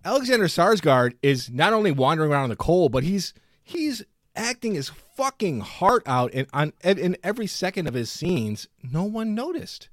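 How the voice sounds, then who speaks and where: A man's voice: high-pitched, very animated, moderate pace, no room sound, clean studio sound. A man co-hosting a casual movie podcast, emphatic and swearing for effect. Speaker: podcast co-host.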